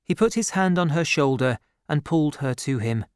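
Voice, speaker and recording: A man reading a novel aloud as an audiobook narrator, with a measured, even storytelling delivery into a close studio microphone. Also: fairly high pitch, clear, resonant tone, no echo.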